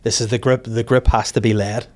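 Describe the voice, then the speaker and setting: A Northern Irish man hosting a comedy podcast, telling rapid, rambling stories in casual chat. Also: on the low side, level tone. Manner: rapid storytelling, acts out voices. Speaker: podcast host.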